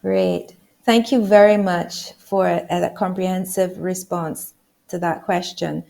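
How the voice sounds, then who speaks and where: A woman moderating a video-call webinar, polite and measured, with some fillers. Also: on the low side, steady tone, vocal fry, mellow.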